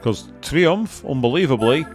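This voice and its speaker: A man chatting excitedly as he commentates his own racing game play, thinking aloud to viewers. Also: mid-range voice, measured pace. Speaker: gaming streamer. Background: game music and engine sounds.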